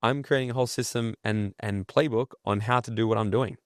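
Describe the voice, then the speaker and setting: A man's voice: mid-range voice, steady tone, fairly quick, no echo, studio quality. An entrepreneur speaking as a podcast guest, blunt and profane, telling stories to make his points. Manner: blunt, swears freely, tells stories. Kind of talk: casual podcast interview.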